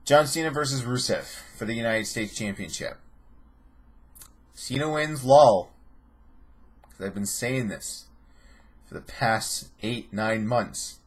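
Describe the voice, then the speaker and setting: Husky man ranting sarcastically. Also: medium pitch, slow pace, long pauses. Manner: rambling, profane and sarcastic. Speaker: host. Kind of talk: casual vlog commentary.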